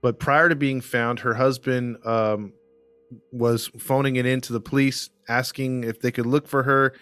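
A man's voice: medium pitch, steady tone, normal speed, fairly bright tone, clear, resonant tone, no room sound. A man co-hosting a casual true-crime podcast, telling the story with lots of fillers and restarts. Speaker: podcast co-host.

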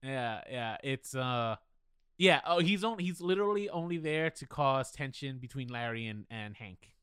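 On a podcast, a man with a medium-pitched, fairly bright, smooth voice talks films casually at normal speed, sounding expressive. His takes are frank and opinionated, and he self-deprecatingly acknowledges his bias. It's a dry, studio-quality recording.

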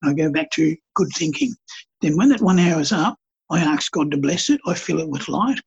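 Very husky man, passionate. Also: a little high, expressive, fairly quick, highs cut off. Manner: passionate, storytelling, preachy. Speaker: podcast guest, artist and healer. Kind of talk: casual spiritual conversation.

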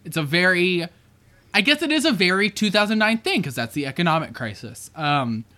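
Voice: mid-range voice, sing-song, a little fast, pushed and bright. A podcast co-host in casual chat about a movie, rambling with many fillers and swearing freely.

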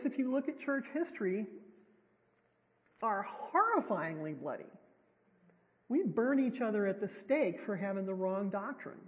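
A woman preaching a sermon in a church sanctuary, chatty and wryly self-deprecating. Her voice sits at an ordinary middle pitch. The sound is thin and phone-like, with a long reverb trailing behind her. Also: sing-song, unhurried, pauses often. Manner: conversational and self-deprecating, with wry humor. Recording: tinny, echoey hall sound.

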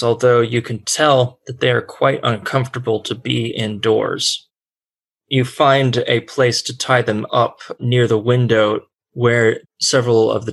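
A man running a tabletop game as game master, narrating the scene in a deliberate, descriptive way. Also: medium pitch, creaky, a bit bright.

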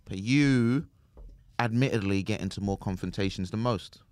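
Low-voiced, joking co-host. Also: male voice, normal speed, darkish tone, dry recording. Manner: joking, chiming in with quips. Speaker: podcast co-host. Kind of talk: casual podcast chat. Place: podcast studio.

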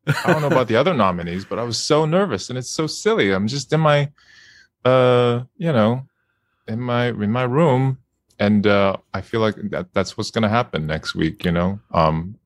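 A man's voice: mid-range voice, expressive, moderate pace, no echo. A man guest voice actor in a casual interview chat, laughing often and speaking hesitantly with many fillers.

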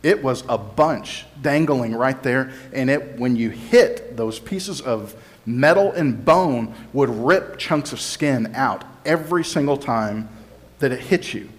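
Speaking slowly in a medium-pitched voice, a male pastor teaches from scripture in a conversational, explanatory sermon. At times he voices the crowd and Pilate in quotes.

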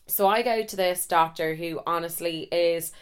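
Smooth and on the low side, her voice moves at a normal speed. She's an Irish podcaster in her twenties who delivers a relaxed storytelling monologue full of humor, cursing, and jokes at her own expense.

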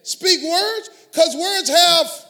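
A man preaches from the pulpit in an unusually high, ringing voice for a man. He is middle-aged and talks with emphatic call-and-response, pushing his listeners to answer back. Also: drawn-out words, creaky, sharp tone. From Houston area, US. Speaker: pastor. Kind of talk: sermon.

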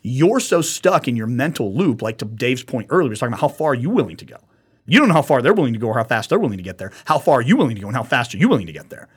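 A man telling a story on a casual podcast. His voice is husky and a little breathy, and he swears freely as he acts out the people in it. His delivery is animated and talky. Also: medium pitch, very fast. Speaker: podcast co-host. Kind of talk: casual profane podcast chat.

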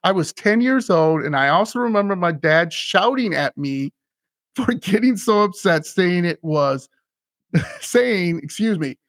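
A man's voice: high voice, a little slow, no echo. Chatty man hosting a podcast. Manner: animated, laughs often, retells scenes with acted quotes. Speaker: podcast host. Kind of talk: casual chat.

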